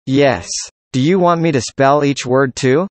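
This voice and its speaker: Speaker reading practice dialogues, mid pitch. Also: measured pace, darkish tone, no echo. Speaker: dialogue reader. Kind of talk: scripted conversation practice.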